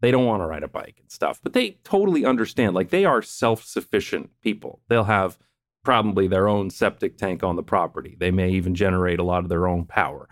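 A man with a very low, deep voice talks in a relaxed, explanatory way, chatting about towns and the countryside. The sound is dry and close, with no room echo. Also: a little fast. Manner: explanatory, chatty, laughs often. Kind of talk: casual conversation.

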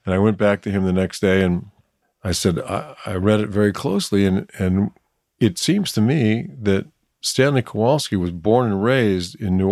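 An older man with a deep, low-pitched voice and a Southern accent tells stories with lively, animated energy, laughing often. His voice is recorded close and dry, with no room sound around it. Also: no echo. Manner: animated anecdotal storyteller who laughs often. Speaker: actor guest. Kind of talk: casual interview storytelling.

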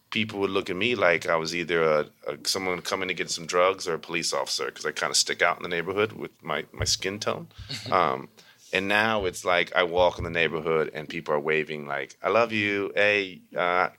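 A man from Baltimore, a yoga and mindfulness teacher, telling stories in a chatty, animated way full of "you know.". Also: low-pitched. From Baltimore, USA. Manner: animated, acts out quoted voices; frequent fillers like "you know". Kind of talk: conversational storytelling.

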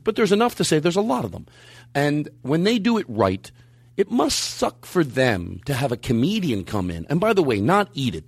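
A man hosting a podcast in casual chat, rambling and animated, jumping his voice up high when he quotes people. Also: slightly rough, no room sound. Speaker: podcast host. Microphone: studio mic.

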